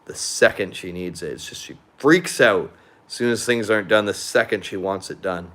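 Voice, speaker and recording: A man's voice: lowish voice, moderate pace, a bit bright. Young male vlogger, casual venting monologue, rambling, swears freely, beer in hand. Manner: blunt and profane, rambling; drinking beer while chatting.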